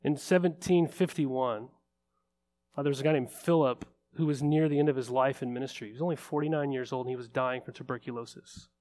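A man's voice: mid-range voice, fairly even intonation, fairly quick, darkish tone. A man preaching a sermon as a pastor, earnest and building to fervent emphasis.

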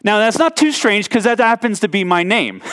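Earnest higher-voiced male preacher, dry sound. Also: big pitch swings, normal speed, fairly bright tone, dry recording. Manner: earnest, with frequent restarts and repeated words. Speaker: pastor. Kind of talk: sermon.

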